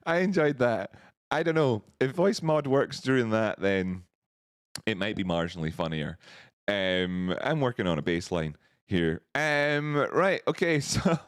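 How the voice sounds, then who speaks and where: A man hosts a live stream in a fairly low, clear, resonant voice that is expressive and unhurried, recorded with clean studio sound and no echo. He chats casually, laughs a lot, and reads his viewers' messages out loud.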